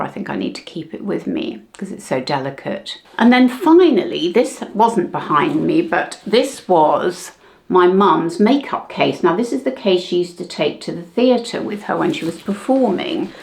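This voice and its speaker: A woman's voice: fairly low pitch, big pitch swings, moderate pace, vocal fry. A woman in her seventies talking casually in a vlog, chatting and reminiscing as she sorts through family keepsakes. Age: 70s. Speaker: vlogger.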